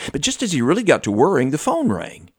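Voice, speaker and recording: A male preacher telling a story inside a sermon. His voice climbs and falls widely, pushing some lines hard and stretching others slow and soft, with a chuckle between lines. The sound is dry and close. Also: a little high, no echo. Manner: animated, swings between loud emphasis and quiet drawn-out phrases.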